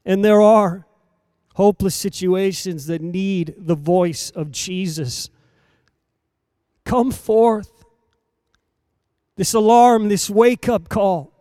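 A man preaching a sermon in a rhythmic, repetitive cadence, swinging between hushed lines and loud emphatic calls. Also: high voice, takes it slowly, no room sound, studio quality.

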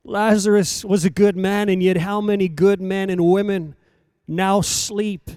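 A man preaching a sermon with dramatic delivery, dropping to hushed lines and rising to loud declarations. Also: sits high, flat delivery, a little slow, no room sound, clean studio sound. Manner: dramatic, swinging between soft and loud emphasis.

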